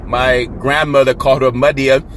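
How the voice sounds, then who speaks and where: A man hosting his own sports podcast, talking casually and excitedly, shouting catchphrases and laughing at himself. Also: medium pitch, moderate pace, a little hiss or hum. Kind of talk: casual sports talk show monologue.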